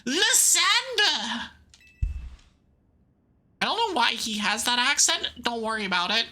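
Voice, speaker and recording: A woman's voice: on the high side, pushed and bright. A woman streamer giving casual, playful commentary while playing a game. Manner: chatty, playful, laughs easily.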